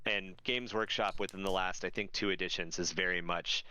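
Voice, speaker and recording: A man's voice: low-pitched, fairly even intonation, fairly quick, bright, forceful tone, clear, resonant tone, no echo, poor audio. A man co-hosting a podcast, explaining with enthusiasm in casual chat. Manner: enthusiastic explainer who acts out jokes. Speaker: podcast co-host.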